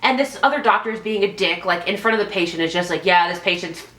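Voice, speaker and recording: A woman's voice: mid-range voice, fast, fairly bright tone, roomy sound. A young woman giving a casual, profane, sarcastic movie review and mimicking characters in mock voices.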